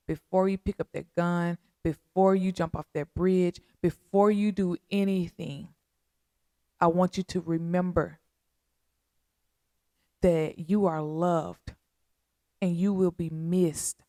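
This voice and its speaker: A woman hosting a podcast, making a heartfelt spoken appeal in a slow, earnest, pleading way with a lot of repetition. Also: on the low side, fairly even intonation, mellow, no echo, studio quality. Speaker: podcast host.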